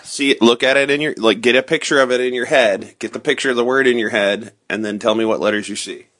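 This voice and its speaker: A woman's voice: rumbling low, quick pace, a bit bright. A woman playfully hosting a mock morning radio show with a child, coaxing and teacherly.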